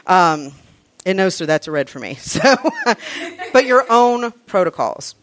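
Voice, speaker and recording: A woman's voice: on the low side, animated, measured pace, a bit bright. A woman teaching a live class to an audience, frank and profane, hammering points home with repeated lists. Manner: emphatic, repeats lists for effect. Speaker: workshop teacher.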